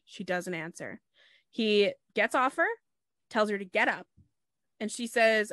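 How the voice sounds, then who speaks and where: A woman's voice: mid-range voice, animated, normal speed, a bit bright, no room sound. A woman hosting a podcast, retelling a true crime case step by step with frequent fillers. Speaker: podcast host.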